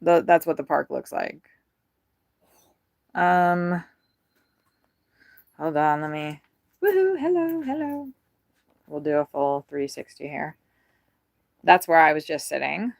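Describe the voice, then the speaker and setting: A woman's voice: sits low, fairly even intonation, slow, gravelly, pauses often, no echo, clean studio sound. A woman vlogger giving a rambling, frank tour of her RV, chatting casually and swearing freely. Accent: Midwestern American. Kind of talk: casual chat. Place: inside an RV.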